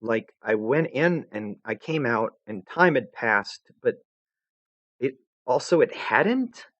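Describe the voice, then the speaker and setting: A man's voice: mid-range voice, sing-song, slow pace, a bit bright, no room sound, muffled recording, voice pushed up, heavily acted. A man voicing a brash teenage troll girl whose cocky talk turns shaky and full of stammers.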